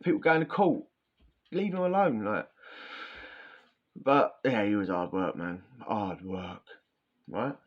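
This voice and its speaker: Guy rambling prison yarns, lots of slang, kinda low voice, muffled lo-fi audio. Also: slow pace, pauses often. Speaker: podcast host. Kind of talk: casual storytelling. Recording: dull lo-fi sound.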